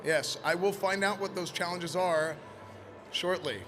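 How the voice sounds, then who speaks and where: Loud playful man hosting a noisy event. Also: high voice, a little slow. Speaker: event presenter in costume. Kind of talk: joking live event hosting. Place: convention event floor. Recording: noisy convention floor.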